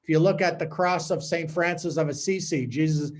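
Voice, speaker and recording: A man, a priest, giving a conversational teaching talk to a small group with animated storytelling. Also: a little high, fairly quick.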